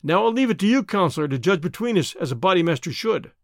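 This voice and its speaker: A man's voice: sits high, animated, quick pace, no room sound, studio quality. A man voicing a hot-tempered young Irish newcomer who speaks boldly, with an Irish accent. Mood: defiant.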